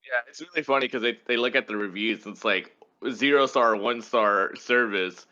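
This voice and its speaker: A man's voice: mid-range voice, normal speed, bright, forceful tone, lo-fi sound. A man co-hosting a podcast, chatting casually and swearing as he talks. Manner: laid-back, swears, laughs between points. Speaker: podcast co-host. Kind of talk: casual chat.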